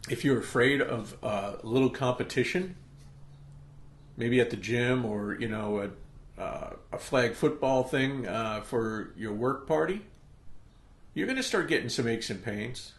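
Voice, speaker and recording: A man's voice: mid-range voice, a little slow, echoey room. A middle-aged man hosting a podcast, giving an emphatic motivational monologue that he punctuates with "okay?" check-ins. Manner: emphatic, pep-talk delivery with frequent "okay?" check-ins. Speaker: podcast host.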